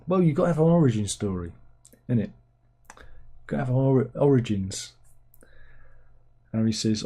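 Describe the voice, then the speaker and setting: Man, husky, very dark tone, casual film review host, rambling, sardonic. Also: lively intonation, moderate pace, pauses often. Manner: rambling, sardonic, breaks into incredulous squeaky outbursts. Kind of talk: casual film review, reading viewer comments.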